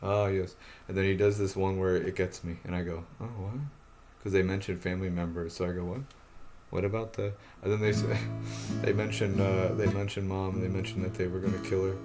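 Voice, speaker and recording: A man's voice: deep voice, flat delivery, brisk, darkish tone, soft background music. A man talking to his phone camera in a rambling, agitated monologue, swearing often and circling back to the same points. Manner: agitated, profane, repetitive. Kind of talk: rambling self-recorded monologue.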